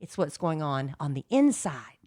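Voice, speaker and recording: A woman's voice: low voice, very animated, normal speed, mellow. A middle-aged woman co-hosting a podcast, rambling and gossipy in casual chat, with lots of fillers. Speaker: podcast co-host.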